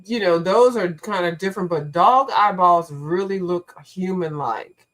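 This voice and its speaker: A woman's voice: on the low side, unhurried, fairly bright tone, rough recording. A woman chatting casually on a live stream, rambling, restarting her sentences and joking. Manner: rambling, trails off, restarts, jokey. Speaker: co-host of a live coloring chat stream.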